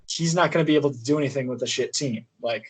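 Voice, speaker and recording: A young man co-hosting a sports podcast, talking in a relaxed, thoughtful way with many fillers. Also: mid-range voice, quick pace, breathy edge, rough recording. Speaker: podcast co-host. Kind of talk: casual sports chat.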